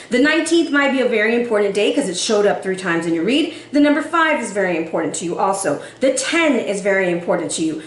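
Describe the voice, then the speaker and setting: A woman giving a casual tarot reading, animated and sassy, with casual swearing. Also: fairly high pitch, echoey room. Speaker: tarot reader.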